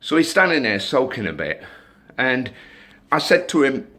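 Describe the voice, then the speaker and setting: Middle-aged man in a blunt rant to camera, a door supervisor who swears freely; mid-pitched, plain voice. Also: sing-song, normal speed, bright, forceful tone.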